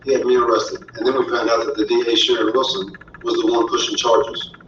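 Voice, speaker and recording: A man's voice: medium pitch, little pitch movement, brisk, a bit bright, a little hiss or hum. A man telling his own story as a father, earnest and indignant. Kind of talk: personal storytelling. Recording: roomy, distant, dull audio.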